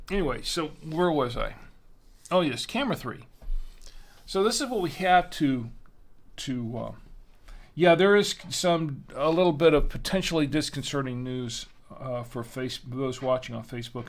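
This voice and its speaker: A man hosting a wine tasting livestream, chatting casually and rambling with lots of fillers. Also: medium pitch. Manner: rambling, chatty, self-deprecating with frequent fillers. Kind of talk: casual live-stream chat.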